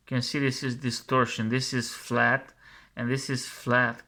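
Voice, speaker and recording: Guy mocking a clip he's watching, slow talker, pretty average pitch, scornful and repeats himself a lot. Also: flat delivery, vocal fry, sharp tone. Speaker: video commentator. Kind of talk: scornful commentary over a video.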